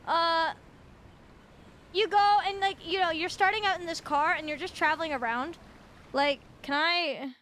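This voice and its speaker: A young woman streamer telling an animated story in casual chat, swearing freely. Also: very high voice, measured pace, slight background noise. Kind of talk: casual chat while gaming.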